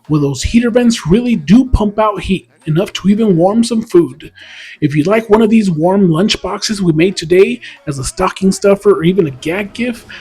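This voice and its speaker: A man's voice: high voice, a little mellow, breathy edge. A man hosting a product review vlog, talking in an upbeat, explanatory way. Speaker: host.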